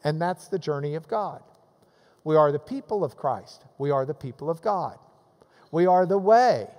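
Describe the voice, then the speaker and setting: High-voiced man preaching in a reverberant hall. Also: moderate pace. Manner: animated preaching, acts out quoted voices. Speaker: pastor. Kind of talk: sermon.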